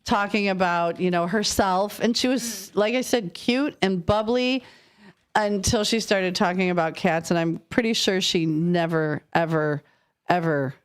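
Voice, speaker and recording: A woman's voice: fairly low pitch, clean tone. Giggly, chatty woman radio host. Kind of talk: casual radio banter. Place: radio studio.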